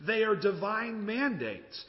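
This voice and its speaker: Male preacher, storytelling sermon style, higher-pitched voice, lo-fi hall recording. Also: big pitch swings, takes it slowly. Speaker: pastor. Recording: dull sound with long reverb.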